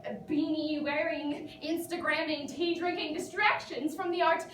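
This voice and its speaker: A woman's voice: sits high, steady tone, normal speed, close to an everyday voice. A young woman acting a rambling, neurotic patient who vents to her therapist in a theatrical comic monologue, giggling as she talks. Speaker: actor performing a monologue. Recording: echoey room, distant mic, background noise.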